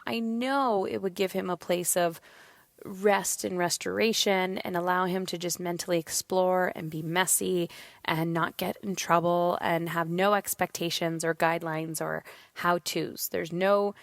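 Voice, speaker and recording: A woman in her thirties talks through a personal story on her podcast, lively and frank and not shy about swearing. Her voice sits a little low. The sound is dry and close, with no room echo. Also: gravelly. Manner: candid, swears freely, animated storytelling. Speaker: podcast host. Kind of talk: casual solo monologue.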